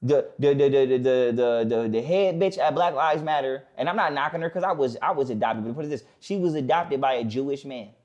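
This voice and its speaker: A man talking bluntly in a casual podcast conversation. He swears freely and slows down to repeat his main points. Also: medium pitch, darkish tone, lo-fi sound. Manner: blunt, profane, stops to repeat key points slowly. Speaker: podcast guest.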